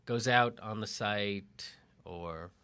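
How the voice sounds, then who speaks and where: Bright-voiced lively podcast guy. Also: fairly low pitch, slow, clear, resonant tone. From Lexington, Massachusetts. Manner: animated, self-deprecating, many restarts. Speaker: podcast co-host, marketing writer. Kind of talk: casual podcast chat. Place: home barn studio.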